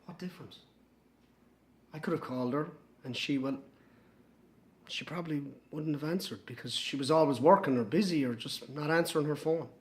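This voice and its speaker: An actor with an Irish accent playing a young man, her lost twin, speaking in a hushed, brooding dramatic monologue for an audio drama. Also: on the high side, moderate pace, natural voice. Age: young adult.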